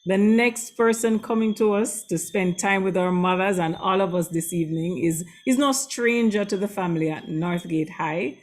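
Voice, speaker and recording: A woman's voice: medium pitch, normal speed, hardly any pauses. A woman hosting an online school concert, thanking performers and introducing the next act in a gracious, chatty way. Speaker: concert host.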